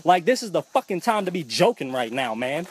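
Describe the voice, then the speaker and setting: A man's voice: fairly high pitch, a little fast, breathy edge. Young man telling a profane comic story. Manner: profane, animated and loose. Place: outdoors on a mountain.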